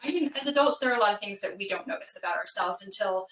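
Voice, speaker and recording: Podcast host woman, bright and forward tone, set back from the mic in a roomy space. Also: mid-range voice, rapid-fire. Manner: encouraging, explanatory. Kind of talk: casual conversation. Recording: echoey room, distant from mic.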